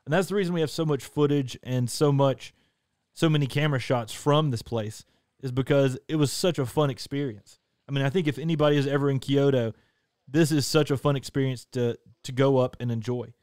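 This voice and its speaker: A man's voice: mid-range voice, brisk, a little mellow, clear, resonant tone, no echo, clean studio sound. An earnest, enthusiastic man co-hosting a casual travel chat. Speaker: show co-host.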